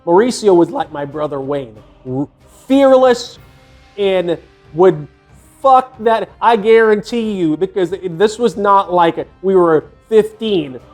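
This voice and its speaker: A man's voice: high voice, expressive, slow pace, darkish tone, soft background music. An older man telling a personal story casually, rambling and swearing freely, with many fillers and restarts. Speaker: fitness vlogger.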